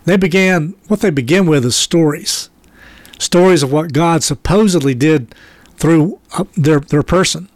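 A man with a fairly high voice talks in a measured, explanatory way, laying out his points one after another. The recording is dry and close. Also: no echo. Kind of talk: conversational commentary on religion.

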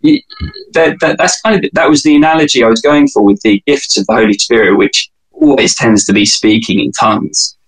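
Husky-voiced British man, wry and chatty. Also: mid-range voice, lively intonation, fairly quick, poor audio. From United Kingdom. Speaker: podcast guest. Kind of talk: casual conversational interview.

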